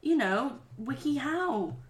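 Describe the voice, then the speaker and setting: A woman's voice: sits high, expressive, slow pace. Woman joking through a how-to guide. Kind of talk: casual chat reading a guide aloud.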